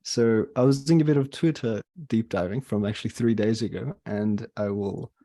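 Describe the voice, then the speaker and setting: A man's voice: fairly low pitch, moderate pace, warm tone, dry recording, studio quality. A man hosting a podcast, asking a guest curious, direct questions. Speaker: podcast host. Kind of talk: interview questions.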